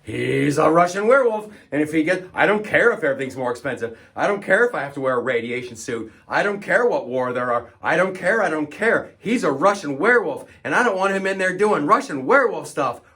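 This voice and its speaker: A man's voice: a little high, animated, pushed and bright. A man mimicking a frantic fearmongering voter. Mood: frantic ranting. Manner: fast, breathless ranting.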